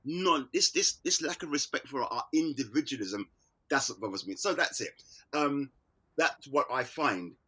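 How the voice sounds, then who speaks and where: A man's voice: medium pitch, lively intonation, normal speed, sharp tone, slightly rough. A man, an artist, talking candidly as an interview guest, emphatic, repeating words and restarting his sentences.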